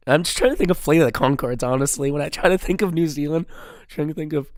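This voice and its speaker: A man's voice: on the high side, fast, darkish tone, dry recording, clean studio sound. A young man hosting his solo podcast, rambling, swearing constantly and poking fun at himself. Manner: rambling, heavy swearing, self-deprecating. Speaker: podcast host. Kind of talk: casual solo podcast chat.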